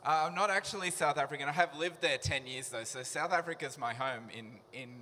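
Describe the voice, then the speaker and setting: A man's voice: fairly high pitch, brisk, bright, forceful tone, big-room sound, slight background noise. A man from Australia with an Australian accent, introducing himself to a church class in a friendly, joking way as a visiting Old Testament lecturer. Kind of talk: casual introduction.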